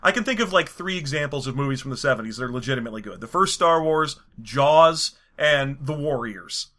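A man's voice: mid-range voice, lively intonation, a little fast, pushed and bright. A man co-hosting a podcast in crude, joking, opinionated casual chat. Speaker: podcast co-host.

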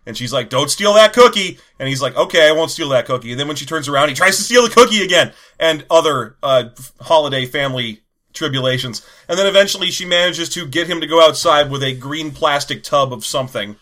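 A man's voice: on the high side, animated, fast, pushed and bright. A man co-hosting a podcast, casually recapping film scenes and riffing with a co-host. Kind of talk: casual chat reviewing a film.

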